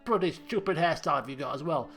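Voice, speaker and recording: A man's voice: on the high side, quick pace, fairly bright tone, soft background music. A man voicing a rude, greedy male bandit in a game, scornful and demanding.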